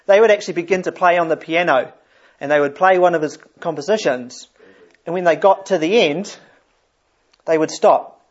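A man's voice: on the high side, normal speed. A man preaching a sermon in a conversational way, often repeating words as he thinks. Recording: dull lo-fi sound.

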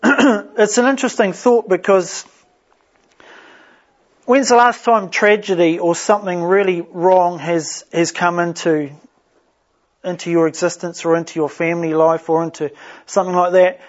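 A man leading a Bible study, reading scripture and explaining it in an unhurried way with frequent restarts. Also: high-pitched, fairly even intonation. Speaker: pastor. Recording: dull lo-fi sound.

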